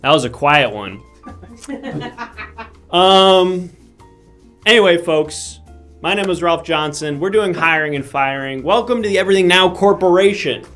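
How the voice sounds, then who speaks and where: A man's voice: a little high, lively intonation, moderate pace, a bit bright, faint music behind. A man playing a rambling male corporate hiring manager in improvised live comedy, chatty and often restarting his sentences. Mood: chummy. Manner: chatty, rambling, self-interrupting. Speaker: comedy character host.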